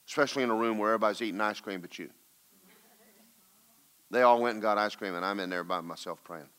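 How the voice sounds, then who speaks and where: Bright-voiced preacher swinging loud to hushed. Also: male voice, fairly low pitch, quick pace, smooth. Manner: swings from loud urgent exhortation to hushed recounting. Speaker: pastor. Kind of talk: storytelling sermon.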